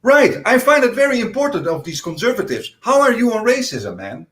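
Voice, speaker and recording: A man's voice: extremely high pitch, big pitch swings, brisk, a bit bright. A male panel guest in a political discussion, explaining his points earnestly with many hesitant restarts. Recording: echoey room.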